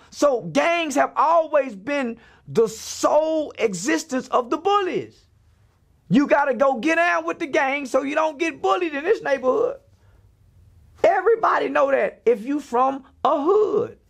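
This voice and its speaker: A man's voice: very high-pitched, expressive, measured pace, gravelly, a bit bright. A man giving a blunt, preachy rant in a podcast interview, firing off rhetorical questions. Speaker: interview guest.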